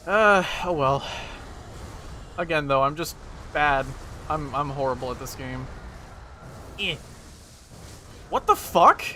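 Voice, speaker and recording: A man's voice: fairly high pitch, unhurried, pauses often, pushed and bright, a little hiss or hum. A man streaming a game, chatting casually, swearing and putting himself down as he plays. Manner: self-deprecating, swears a lot, frustrated outbursts. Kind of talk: casual gameplay commentary.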